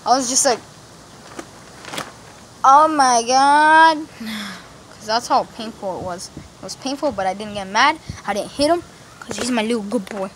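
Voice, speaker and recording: Vlogging casually outdoors, a woman rambles into a phone camera held facing her, full of slang and fillers, in a yard near a road. Her mid-range voice is animated, a bit bright, and a little fast. The low-quality phone recording carries street traffic and outdoor ambience.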